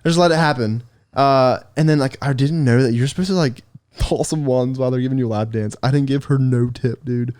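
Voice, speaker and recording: A man's voice: medium pitch, fairly quick, a little mellow, no room sound, studio quality. A young man on a podcast, laughing sheepishly as he tells an awkward story and saying "dude" a lot. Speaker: podcast co-host. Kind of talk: casual storytelling chat.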